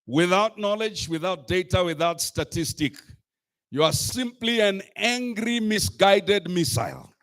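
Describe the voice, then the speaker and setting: A man giving a rousing public speech to a youth assembly, emphatic and full of rhetorical repetition, at times rising to a shout. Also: sits high, animated, unhurried. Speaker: speaker addressing a youth climate assembly. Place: live event stage.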